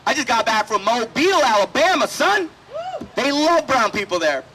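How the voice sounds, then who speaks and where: A man's voice: extremely high pitch, very animated, moderate pace, sharp tone, a little hiss or hum, poor audio. A man doing a brash, profane stand-up set at an outdoor festival stage, slipping into voices for the people in his stories. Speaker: stand-up comedian.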